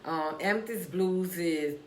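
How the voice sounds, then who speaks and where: A woman's voice: fairly low pitch, slow, roomy sound. A woman hosting a live stream from her cafe, giving encouraging, preachy talk to viewers she calls y'all. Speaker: livestream host and author. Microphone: phone or camera live stream.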